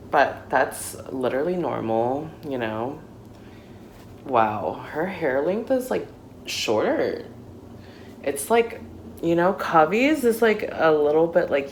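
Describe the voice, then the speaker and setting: A woman in her thirties chatting casually through an unboxing, gushing and excitable, with lots of fillers, recorded on a phone. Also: sits low, slight background noise, poor audio. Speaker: doll unboxing vlogger. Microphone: phone camera.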